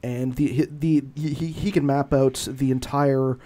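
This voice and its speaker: A man hosting a podcast who talks in a halting way, with many fillers and restarts. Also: medium pitch, steady tone, warm tone. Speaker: podcast host. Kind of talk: casual podcast conversation.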